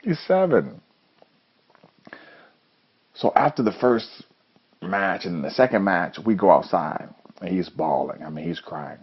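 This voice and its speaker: Brief: very low, husky male coach telling stories earnestly in a motivational talk, dull lo-fi recording. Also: animated, moderate pace. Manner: earnest storytelling. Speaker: judo coach and host. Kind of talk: motivational monologue.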